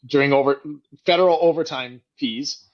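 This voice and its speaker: Animated storytelling man, lo-fi sound. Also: mid-range voice, moderate pace. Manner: animated storyteller, acts out quoted voices, frequent "like". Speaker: guest, company co-founder and CEO. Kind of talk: casual podcast storytelling.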